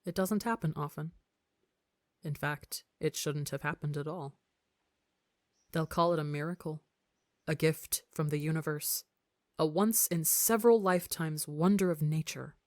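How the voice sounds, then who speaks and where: Woman, low voice, measured dramatic story reading, dry close sound. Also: no echo. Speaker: story reader.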